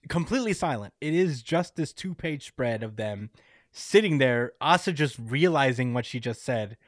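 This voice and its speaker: A man in casual chat, recapping a story and acting out the characters' lines in quick voices, laughing often. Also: medium pitch, expressive, no echo, studio quality. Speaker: podcast co-host recapping a manga chapter.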